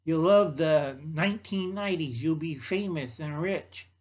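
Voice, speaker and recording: A man's voice: fairly high pitch, measured pace, highs cut off. A man playing a fussy time traveler. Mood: lecturing. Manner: pseudo-technical, lecturing. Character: fussy male time traveler explaining science.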